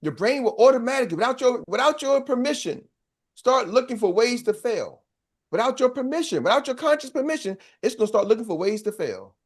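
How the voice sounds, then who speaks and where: His very high voice is sing-song, brisk and slightly breathy. The man runs a motivational sales training in a preachy call-and-response style, quizzing the audience, waiting for answers and acting out little voices to drive points home.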